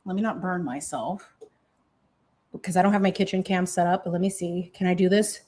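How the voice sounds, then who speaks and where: A woman's voice: fairly low pitch, fairly quick. Sassy woman hosting a baking livestream. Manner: animated, sassy, talks straight to chat with lots of okay and honey. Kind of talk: casual livestream chat. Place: home kitchen.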